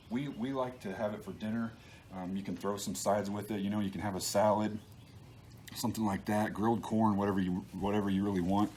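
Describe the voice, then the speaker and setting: A man walking through a recipe in a relaxed, folksy way, with plenty of ums and restarts. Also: fairly low pitch, fairly quick, a little hiss or hum, low-quality recording. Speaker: cook team captain demonstrating a recipe. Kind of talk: casual cooking demonstration. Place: outdoor grill setup.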